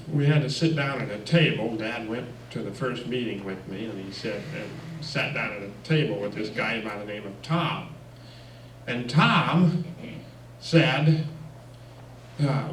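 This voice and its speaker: A man telling lively personal anecdotes at a church, with chuckles and fillers. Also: lowish voice, a little hiss or hum. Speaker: guest speaker. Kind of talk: personal storytelling talk. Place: church hall. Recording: echoey room, mic far off.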